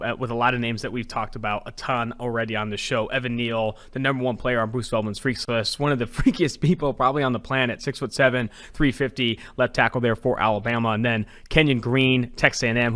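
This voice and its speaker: A man with a bright, forceful voice briskly runs through a ranked list of prospects on a podcast. He keeps it casual and jokey between the names. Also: medium pitch, fairly even intonation. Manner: brisk list-reading, joking. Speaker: draft analyst co-host. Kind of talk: casual sports podcast, reading rankings.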